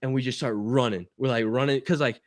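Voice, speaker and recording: A young man spins a long anecdote at an everyday pitch. He swears constantly. He drops into lively acted-out quotes as he talks. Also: brisk, no room sound, clean studio sound. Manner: profane, animated, acts out quotes. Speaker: guest. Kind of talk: casual storytelling.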